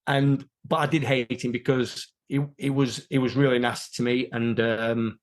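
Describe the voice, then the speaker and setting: A man, an interview guest telling rambling, animated stories in casual chat. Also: medium pitch, normal speed. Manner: animated, rambling, many restarts.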